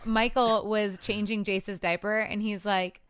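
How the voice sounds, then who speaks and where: A woman in her thirties hosts a podcast in easy, giggly chat. Her voice is crisp and clear, recorded on a studio mic. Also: mid-range voice, level tone, unhurried. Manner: giggly, chatty storyteller. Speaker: podcast host. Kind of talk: casual chat with friends.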